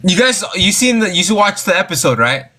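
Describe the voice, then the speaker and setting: Halting man chatting on a live stream. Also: sits high, big pitch swings, pushed and bright, slight background noise. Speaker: guest. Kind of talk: casual chat. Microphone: phone livestream.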